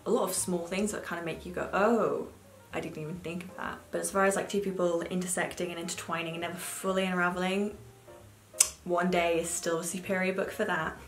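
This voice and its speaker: A woman's voice: fairly low pitch, little pitch movement, fast talker. A young woman in her twenties chatting casually as a book vlogger, swearing freely and filling her talk with "like". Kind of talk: casual chat. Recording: echoey room with faint music.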